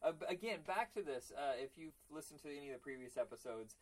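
A man's voice: on the high side, lively intonation, quick pace. Chatty male podcast host. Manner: chatty, rambling, laughs easily. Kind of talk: casual podcast chat.

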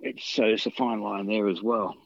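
A man's voice: on the low side, steady tone, normal speed, gravelly, dry recording, lo-fi sound. A man, a guitarist, telling long casual anecdotes in an interview, full of restarts and fillers. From Australia. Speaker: guitarist guest.

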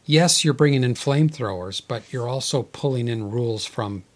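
A man's voice: medium pitch, moderate pace. A man co-hosting a podcast in casual chat, musing aloud and playing the contrarian. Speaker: podcast co-host.

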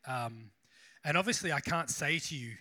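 Bright-voiced male pastor, chatty sermon. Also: a little high, lively intonation, normal speed. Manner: chatty, rambling, self-deprecating asides. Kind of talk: casual sermon.

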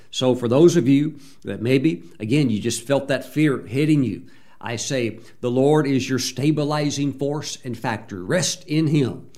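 A male preacher delivers a sermon in a mid-pitched voice. He moves between relaxed, conversational storytelling and earnest exhortation, and often breaks in with short cries of praise. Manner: conversational asides and restarts.

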